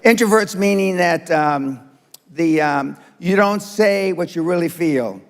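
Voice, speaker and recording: A man's voice: a little high, a little slow. A man in his seventies giving a blunt, profane motivational speech to a live seminar audience. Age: 70s. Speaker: motivational speaker. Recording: long hall reverb.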